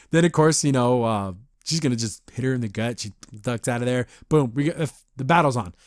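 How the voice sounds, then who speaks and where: A man's voice: mid-range voice, fairly quick, few pauses, dry recording, studio quality. A man hosting a podcast, casually recapping a cartoon episode in a rambling, chatty way and briefly mimicking the characters.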